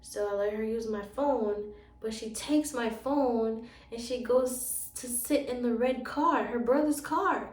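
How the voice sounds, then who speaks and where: A storyteller and relationship coach shares a personal story in a casual vlog, animatedly acting out the dialogue as she goes. Her voice is a little high and a little slow, and it sounds roomy, as though she's some distance from the mic.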